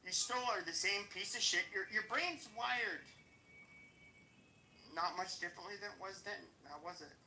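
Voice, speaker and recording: Profane, taunting man with a bright voice. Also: high voice, moderate pace, slight background noise, rough recording. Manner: repeats phrases for emphasis. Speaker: host of a live audio chat room. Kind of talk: heated call-out rant.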